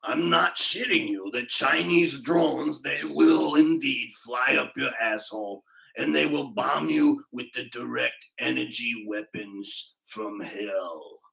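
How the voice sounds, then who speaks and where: A man voicing a ranting middle-aged man who preaches slowly about doom and conspiracies, with bursts of shouting. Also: medium pitch, gravelly, heavily acted, poor audio.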